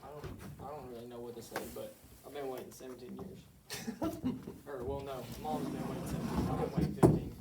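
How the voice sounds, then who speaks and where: A man's voice: mid-range voice, little pitch movement, vocal fry, distant mic. Give me a shy teenage boy giving a testimony in an echoey church, with background noise. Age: teens. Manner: shy, halting, laughs between phrases.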